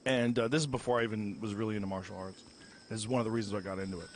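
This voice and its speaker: A man from Massachusetts who hosts a podcast. He tells candid personal stories with quick asides. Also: on the low side, steady tone, slight background noise. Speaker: podcast host. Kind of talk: casual chat, telling anecdotes.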